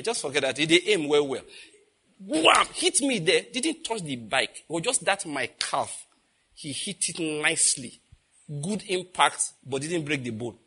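Husky Nigerian preacher telling stories. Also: male voice, on the high side, sharp tone. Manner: storytelling, asks the audience questions. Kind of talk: sermon.

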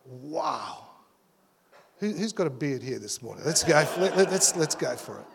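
Excitable male pastor telling a story. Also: fairly high pitch, a little slow, gravelly, slightly rough. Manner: animated storytelling with many restarts and stammers. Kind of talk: sermon. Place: church.

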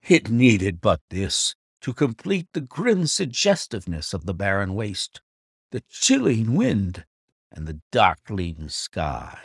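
A man reading a classic novel aloud as an audiobook narrator, in measured, expressive storytelling. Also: on the low side, creaky, slightly rough, no echo, clean studio sound. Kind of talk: scripted narration.

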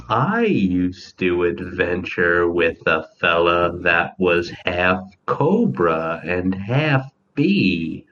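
A man plays a tabletop game in character, telling wry, drawn-out stories. His low voice moves expressively and very slowly. The recording is dull and lo-fi, with faint noise behind it. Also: fairly bright tone. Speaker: player.

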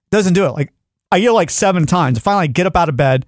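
Male podcast host, fast comic storyteller, slightly high voice, dry studio sound. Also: no room sound. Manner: animated storyteller, acts out yelling at devices. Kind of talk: casual chat, comic storytelling.

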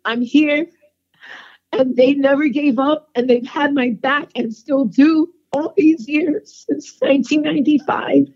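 A woman's voice: high voice, steady tone, measured pace, darkish tone, lo-fi sound. A woman singer calling in by phone, emotional and tearful as she thanks the people around her. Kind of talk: phone call-in interview.

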